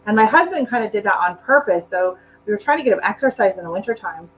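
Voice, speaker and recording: A middle-aged woman hosting a gardening live stream from home, talking in a loose, rambling way as she works. Her voice sits at an ordinary middle pitch, with a faint hum running underneath. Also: animated, fast, low-quality recording. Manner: chatty and rambling, talks to her dog between tasks. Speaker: gardening channel host. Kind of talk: casual live-stream chat while potting plants. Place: at home indoors.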